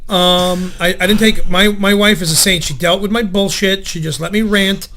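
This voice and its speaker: Middle-aged New comic, high voice, cussing, loud storyteller, faint hiss behind. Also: male voice, normal speed. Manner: profane, excitable, acts out quotes loudly. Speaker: comedy show co-host. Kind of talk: animated storytelling.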